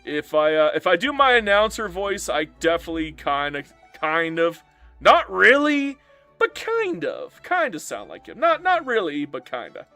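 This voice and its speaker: A man's voice: sits high, wildly swooping pitch, moderate pace, bright, forceful tone, faint music behind. A man live-streaming a strategy game and bantering playfully with his chat as he reads their messages aloud.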